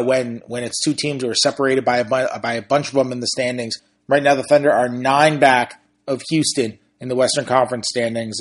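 A man, a sportswriter and podcast host, talking through team stats and standings in an analytical, conversational way. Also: mid-range voice. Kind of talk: casual sports commentary.

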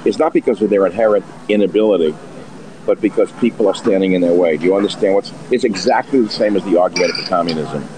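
A man's voice: deep voice, fast. A man in a restaurant delivering a scornful, combative monologue. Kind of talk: ranting monologue. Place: busy restaurant, indoors. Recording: noisy restaurant crowd chatter. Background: restaurant crowd chatter.

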